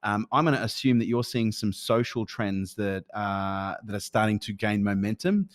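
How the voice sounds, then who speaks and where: Male host, animated, profane storyteller in casual interview chat. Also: fairly low pitch, moderate pace. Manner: animated storyteller, swears, acts out quoted people. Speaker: podcast host.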